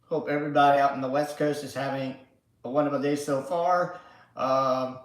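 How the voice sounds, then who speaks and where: A man's voice: mid-range voice, steady tone, moderate pace. Rambling profane man on an echoey stream. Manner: rambling, profane, lots of fillers. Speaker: livestream host. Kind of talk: casual livestream chat. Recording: very echoey room.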